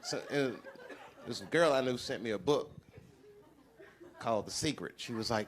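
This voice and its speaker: A man doing a live stand-up set on a club stage, profane and animated, acting out other people as he talks. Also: mid-range voice, normal speed, noisy background. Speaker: stand-up comedian. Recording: live club with loud crowd laughter. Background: loud audience laughter.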